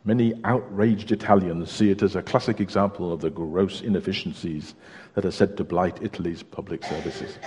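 A man preaching a sermon in a church, telling stories in a chatty, unhurried way with small hesitations. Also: fairly low pitch, darkish tone, husky. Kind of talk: sermon with a joke. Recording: long reverb of a church hall.

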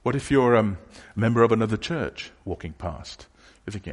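A man preaches a sermon in a low, husky voice. He talks casually and haltingly, often restarting phrases and acting out imagined questions. His voice rings with the long reverb of a church hall. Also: animated.

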